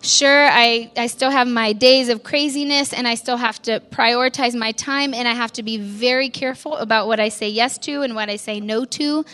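A woman's voice: on the high side, steady tone, normal speed, few pauses, sharp tone. A pastor's wife telling her story in a church testimony, candid and conversational, with lots of "like" fillers and little laughs at herself.

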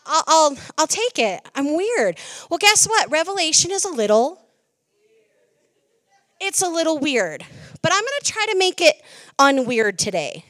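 With a high voice and no audible room sound, a middle-aged woman delivers a sermon built around a spirited story. She quotes herself, her voice jumping with animation.

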